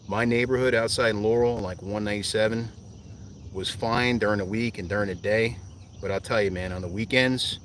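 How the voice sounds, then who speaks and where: A man's voice: fairly low pitch, a bit bright, recorded from a distance. A man from New Jersey chatting casually with viewers during a live fishing stream from a kayak, rambling between tasks. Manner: laid-back, rambling, talks to viewers while fishing. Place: kayak on a lake outdoors. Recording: outdoor noise, insects.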